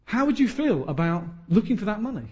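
A man's voice: sits high, very animated, a little fast, a little mellow. A man, preaching a sermon emphatically with joking asides. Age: 30s.

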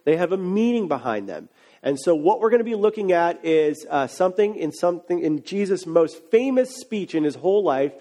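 A man preaching as a pastor in a relaxed, conversational sermon that builds to emphatic questions. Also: high voice, fairly quick. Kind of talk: casual sermon.

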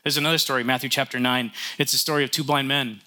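A male pastor delivers a sermon in an easy, conversational manner, tossing in light jokes. His voice is middle in pitch with a very bright, sharp edge, and he often restarts his sentences. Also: fairly even intonation, fast talker.

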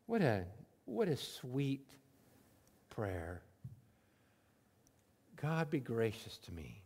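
A man preaching a sermon in a conversational way, acting out prayers in everyday words and moving between emphatic bursts and hushed moments. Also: mid-range voice, very animated, takes it slowly, pauses often. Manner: conversational, swings from loud emphatic to soft and hushed. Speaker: pastor.

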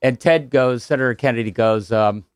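A man's voice: mid-range voice, normal speed, a little hiss or hum. A man in his sixties, a political candidate answering radio interview questions in an upbeat, persuasive way with some restarts. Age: 60s. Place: radio studio.

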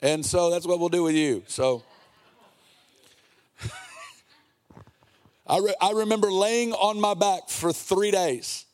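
Man, forties, preacher, high voice, earnest and impassioned, sing-song cadence at times. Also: slow, long pauses, darkish tone. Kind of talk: sermon.

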